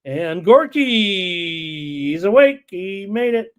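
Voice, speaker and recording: A man hosting a live sports betting show, excitable and full of "uh" fillers, reading viewer chat aloud. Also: high voice, slow, clean tone.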